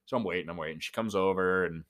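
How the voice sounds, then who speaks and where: A man's voice: low-pitched, quick pace. A young man chatting casually as a podcast guest, telling anecdotes and acting out the people in them. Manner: animated storyteller, acts out voices in anecdotes. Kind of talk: casual chat.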